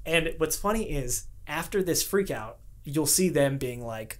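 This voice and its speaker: A man's voice: a little high, a little slow. A young man co-hosting a podcast, telling a long work story in casual chat and acting out the people he quotes. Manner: animated, profane, acts out quoted people. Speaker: podcast co-host.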